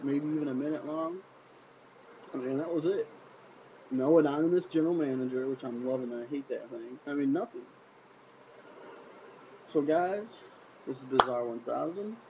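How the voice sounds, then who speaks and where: A man giving a casual solo wrestling review, animated and repetitive, full of sarcastic rhetorical questions. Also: a little high, muffled recording, a little hiss or hum.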